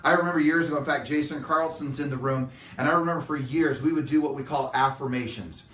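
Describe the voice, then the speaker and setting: A man's voice: on the high side, steady tone, quick pace, a bit bright. A middle-aged man giving a motivational talk to a live audience in an earnest, emphatic way, acting out the voices he quotes. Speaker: motivational speaker. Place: meeting room with live audience. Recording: echoey room, mic at a distance.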